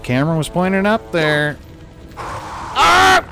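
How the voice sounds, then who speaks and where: A young man casually commenting on a video game run, sarcastic and given to yelling at characters. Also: mid-range voice, expressive, moderate pace. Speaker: gaming YouTuber. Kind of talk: casual let's-play commentary. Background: game music.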